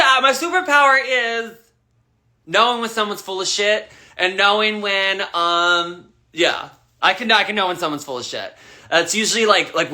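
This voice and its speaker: Man, young adult, livestream chat, bright tone, slightly high voice, rambling and profane. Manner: loose, rambling, swears freely. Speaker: livestream host answering fan questions.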